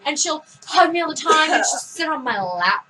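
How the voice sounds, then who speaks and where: Blunt high-voiced teen girl. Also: very animated, moderate pace, background noise. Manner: blunt, rambling storytelling. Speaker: vlog co-host. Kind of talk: casual chat.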